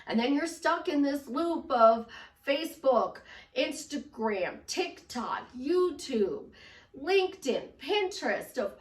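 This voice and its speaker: A woman's voice: sits high, expressive, takes it slowly, echoey room, distant mic. A woman life coach giving an upbeat, emphatic motivational talk. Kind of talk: motivational vlog monologue.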